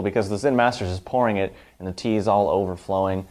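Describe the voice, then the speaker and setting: A low-voiced man giving a self-help talk, emphatic and stacking long lists of examples. His delivery is steady, with the rhythm of a motivational lecture. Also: quick pace, few pauses.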